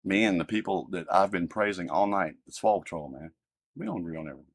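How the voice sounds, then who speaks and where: A man hosting a livestream launches into a profane, heated rant. His pitch leaps around animatedly, loud outbursts giving way to low muttering. The sound is dry and close. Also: expressive, fast, slightly rough, dry recording. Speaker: livestream host. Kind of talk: heated ranting livestream talk.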